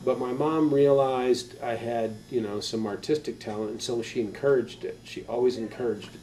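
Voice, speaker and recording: Heard on a mic set slightly back, an older tattoo artist spins rambling, lively stories in a relaxed interview, cursing casually. He speaks at normal speed in a mid-range voice, with a little hiss or hum present.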